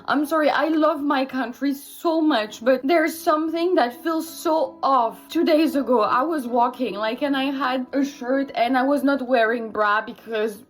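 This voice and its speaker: A young woman speaks candidly and emphatically to camera, swearing freely. Her voice is high. Faint music plays underneath. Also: measured pace, few pauses. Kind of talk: personal vlog confession.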